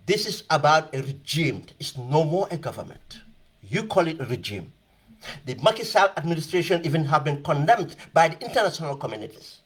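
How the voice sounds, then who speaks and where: A man's voice: a little high, slightly rough. A man giving emphatic, impassioned political commentary, repeating phrases for stress. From Gambia.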